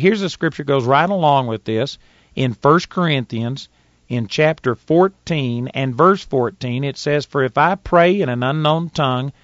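A Texan preacher with a medium-pitched, slightly bright voice teaches from the Bible in a folksy, plainspoken sermon, reading scripture aloud. The recording has no room sound and dull audio.

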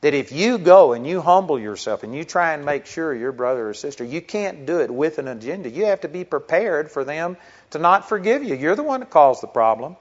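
A man's voice: on the high side, big pitch swings, fairly quick. A middle-aged man, a pastor, preaching a sermon in an earnest, conversational way that builds into emphatic stretches. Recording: dull lo-fi recording.

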